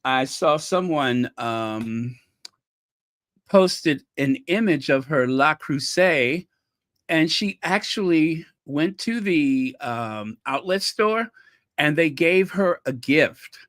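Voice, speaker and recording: A man's voice: fairly high pitch, animated, slow, fairly bright tone, no echo, clean studio sound. An American man hosting his own channel, talking casually to viewers in a rambling, playful way with lots of fillers. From United States. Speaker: channel host.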